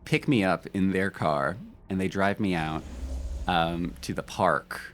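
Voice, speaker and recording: A man's voice: deep voice, unhurried, a bit bright, a little hiss or hum. A man streaming a game, chatting casually and telling rambling stories with many fillers and laughs. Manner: rambling, laid-back, with frequent fillers and laughs. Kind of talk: casual live-stream chat and storytelling.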